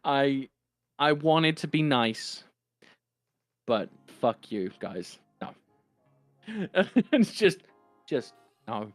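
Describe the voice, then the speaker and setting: Extremely slow and pausing often, a young East London podcast co-host rambles and curses through a casual chat, with many ums and restarts. His mid-range voice is sing-song, and his London East End accent marks him as English. The close mic is dry with no echo, and soft music plays in the background.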